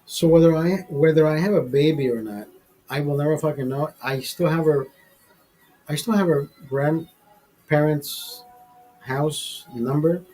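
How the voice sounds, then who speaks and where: A man's voice: fairly high pitch, unhurried, mellow, slightly rough, low-quality recording. A man hosting a live stream, telling a personal story in a rambling, profane way full of fillers and restarts. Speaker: show host telling a story. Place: studio.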